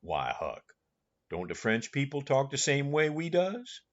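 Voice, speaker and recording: A man's voice: mid-range voice, huge pitch swings, measured pace, lo-fi sound. Man reading as a stubborn drawling Southern backwoodsman. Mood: earnest. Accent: Southern US rural dialect. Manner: drawling, dialect-heavy, dogged. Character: uneducated older man, stubborn and earnest in argument.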